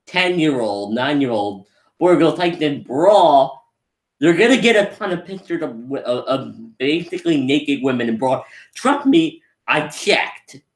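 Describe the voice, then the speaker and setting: Rambling, enthusiastic man reviewing a movie. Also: a little high. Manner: rambling, restarts often, laughs along. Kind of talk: casual spoken review. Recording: roomy echo.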